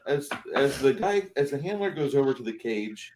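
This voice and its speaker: A man's voice: mid-range voice, expressive, normal speed, darkish tone, poor audio. Man narrating as game master.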